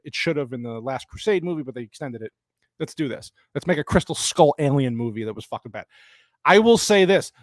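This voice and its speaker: Male streamer, fairly high, lively voice, dry close recording, profane exasperated movie-review rant to live chat. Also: no echo. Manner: exasperated, animated, swears often, talks to chat.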